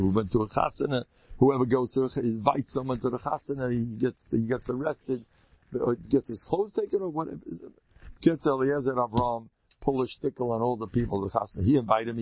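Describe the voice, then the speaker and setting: A man giving a humorous religious talk, quizzing his listeners and mixing in Hebrew and Yiddish terms. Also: mid-range voice. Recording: dry, muffled lo-fi recording.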